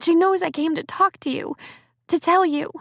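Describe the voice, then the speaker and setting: A woman's voice: extremely high pitch, steady tone, moderate pace, gravelly, dry recording, studio quality, voice pushed up. A woman voicing a scared, tearful teenage girl who talks in small, pleading phrases. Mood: timid. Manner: small, pleading, on the edge of tears.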